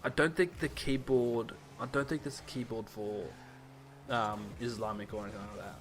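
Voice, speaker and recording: A man's voice: mid-range voice, fairly even intonation, moderate pace, faint music behind. A young man hosting a podcast, explaining things in a rambling, casual way with many restarts. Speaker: podcast host. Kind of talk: casual chat. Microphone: podcast microphone.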